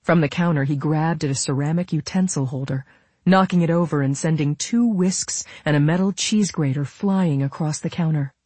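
A narrator reading an audiobook with steady pacing. The voice is husky, mid-pitched, and recorded close and dry. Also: normal speed, no room sound. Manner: steady storytelling. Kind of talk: scripted narration.

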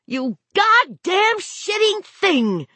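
A frazzled young mother in a storybook reading, voice climbing high and shrill when she snaps, as a woman reader puts her on. Her husky tone swings widely from a strained shout to a softer, worn-out murmur. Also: huge pitch swings, measured pace, no room sound, heavily acted. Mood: furious.

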